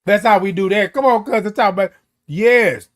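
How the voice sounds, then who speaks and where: Man hosting a home livestream, high and playful, chatty with viewers. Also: moderate pace. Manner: playful, greets viewers by name, drawls. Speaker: morning show host. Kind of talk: casual livestream chat. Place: home with Christmas decorations. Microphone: camera close to face.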